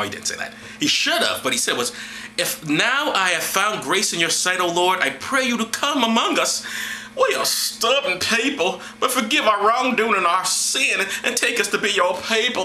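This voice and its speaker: A man's voice: high-pitched, sing-song, moderate pace, pushed and bright, reverberant, slight background noise, poor audio. A man reading scripture aloud and breaking off into mocking, profane, sarcastic asides. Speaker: vlogger.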